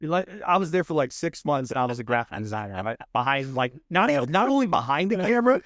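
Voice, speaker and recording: A man in his thirties with a Texan accent, a podcast guest telling his story in a casual, animated way and acting out the people he quotes. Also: fairly high pitch, quick pace, dry recording, studio quality. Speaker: podcast guest, food show host. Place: podcast studio.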